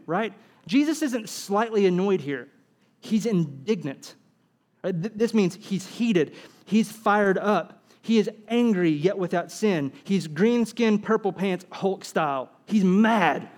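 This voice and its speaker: A man's voice: high voice, a little slow. A man preaching a sermon, acting out dialogue and asking rhetorical questions. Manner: animated, acts out quoted dialogue, asks rhetorical questions.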